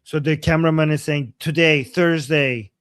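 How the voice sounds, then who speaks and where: Excitable man over a noisy call line. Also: on the high side, normal speed. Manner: excitable, keeps exclaiming while translating chants. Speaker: guest commentator. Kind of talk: live-stream commentary on protest videos. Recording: loud background noise.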